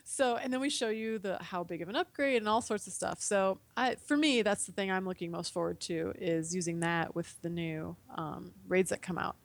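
A woman's voice: medium pitch, normal speed, gravelly, hardly any pauses. A young woman in casual chat as a podcast guest, laughing often and acting out her own reactions. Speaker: podcast guest from a gaming website.

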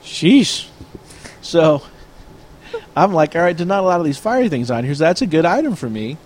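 A man's voice: on the high side, lively intonation, normal speed, a little mellow. A man chatting casually, telling a long story and acting out both sides of an argument. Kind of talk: casual chat.

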